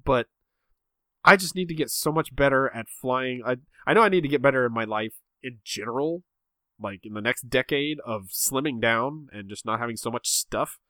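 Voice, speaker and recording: Bright-voiced man telling a self-mocking story. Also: medium pitch, moderate pace, no room sound. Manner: self-mocking, rambling, lots of restarts. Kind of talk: casual chat, telling a story.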